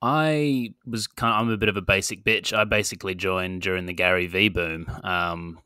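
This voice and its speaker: A man's voice: low voice, steady tone, moderate pace, bright, forceful tone, clear, resonant tone, no echo, studio quality. A man, a podcast guest chatting casually in a self-deprecating, sarcastic manner and chuckling as he talks. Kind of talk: casual chat.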